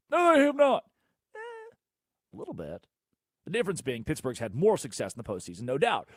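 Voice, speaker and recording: A man hosting a solo sports talk show, ranting sarcastically and swinging between loud outbursts and low mutters. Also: no room sound, studio quality. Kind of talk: solo sports radio rant.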